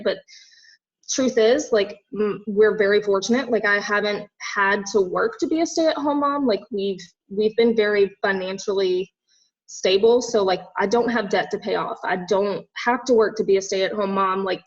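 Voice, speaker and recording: A woman's voice: medium pitch, highs cut off. A young woman from the American South who coaches fitness and nutrition. She gives a heartfelt, rambling personal testimony at an info session, full of "like" and "literally.". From Southern United States.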